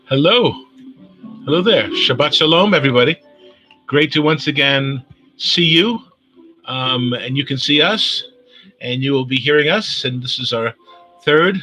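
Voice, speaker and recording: A man's voice: medium pitch, sharp tone, low-quality recording. A man leading a livestreamed home sermon from his living room, speaking hesitantly with many fillers and repeated words. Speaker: congregation leader. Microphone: camera for live stream.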